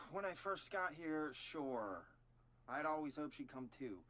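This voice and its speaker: Sulky young man, resentful, heavy sighs, lively rise and fall, video game dialogue. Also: fairly high pitch, slow pace. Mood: bitter. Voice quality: sighing, flat and resentful. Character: sullen withdrawn young man under questioning. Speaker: interviewee.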